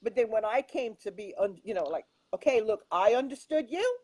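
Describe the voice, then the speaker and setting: Older woman, high voice, very lively pitch, chatty, laughing, storytelling. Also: brisk, no room sound, poor audio. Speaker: regular guest. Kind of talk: casual radio chat.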